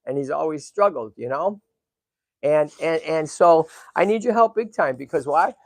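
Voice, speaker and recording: A man's voice: a little high, expressive, moderate pace, dry recording. A middle-aged man hosting a casual live stream, speaking with emotion straight to his viewers and breaking off into frequent restarts. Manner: emotional, talks to viewers and animals, many restarts. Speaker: livestream host.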